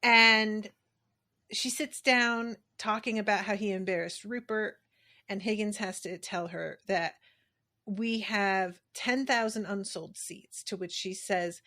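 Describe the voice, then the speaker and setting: A woman's voice: mid-range voice, steady tone, slow pace, sharp tone. A woman co-hosting a podcast, casually recapping a TV episode, emphatic and swearing freely as she acts out quotes. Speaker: podcast co-host.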